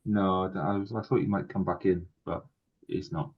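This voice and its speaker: A man's voice: sits low, fairly even intonation, normal speed, breathy edge. A man hosting a podcast in casual chat, rambling with fillers and restarts. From Wales. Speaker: podcast host. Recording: dull lo-fi sound.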